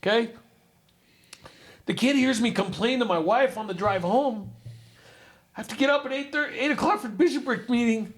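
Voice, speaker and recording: A middle-aged man appears as a podcast guest, telling a personal story from his life in an earnest, casual way and often saying "dude." His voice is very high-pitched, at normal speed with long pauses.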